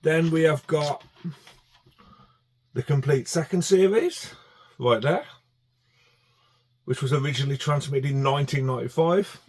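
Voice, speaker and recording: A man's voice: a little high, unhurried, long pauses. A man chatting casually to camera about his DVD collection, enthusiastic and full of fillers and restarts.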